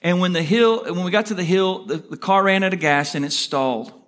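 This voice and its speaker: Energetic rushing male pastor preaching. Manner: energetic, rushing storyteller with rising emphatic pitch. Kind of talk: sermon.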